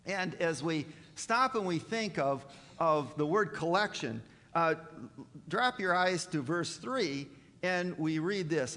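Male pastor, halting sermon delivery, slightly raised pitch, long church reverb. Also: animated, sharp tone. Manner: halting, with many fillers and restarts.

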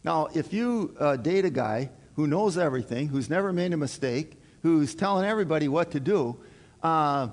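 A middle-aged man preaching a sermon in a folksy, halting way, full of fillers and repeated words. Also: fairly high pitch, expressive. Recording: reverberant hall.

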